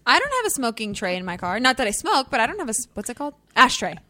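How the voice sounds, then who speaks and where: A woman's voice: fairly high pitch, big pitch swings, rapid-fire, pushed and bright, no echo. A woman chatting on a casual comedy podcast, telling stories with plenty of giggles.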